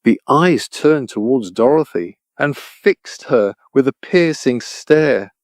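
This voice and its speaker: A man's voice: medium pitch, animated, slow pace, dry recording, studio quality. Man narrating a storybook audiobook.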